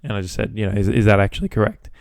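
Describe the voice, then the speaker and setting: A man's voice: fairly low pitch, racing, creaky, a little mellow. A man hosting a podcast, telling a casual story about his workday with swearing, acting out both sides of phone calls. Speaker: podcast host.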